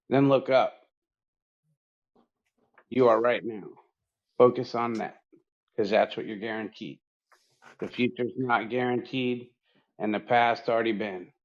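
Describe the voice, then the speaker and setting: A man co-hosting a casual podcast, laid-back, cursing freely, giving an earnest little pep talk. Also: medium pitch. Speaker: podcast co-host. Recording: dull lo-fi sound.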